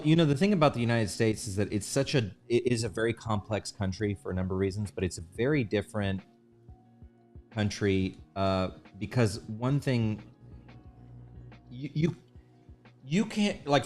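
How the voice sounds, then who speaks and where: Man, livestream host, slightly low voice, rambling casual talk. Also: lively intonation, moderate pace, soft background music. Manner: rambling, restarts sentences, thanks viewers.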